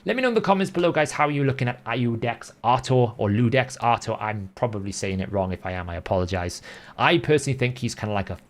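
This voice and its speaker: A man's voice: on the low side, very animated, very fast. A man talking casually as a gaming video host, conversational and thinking aloud with frequent self-corrections. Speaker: gaming YouTuber. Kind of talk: casual game commentary.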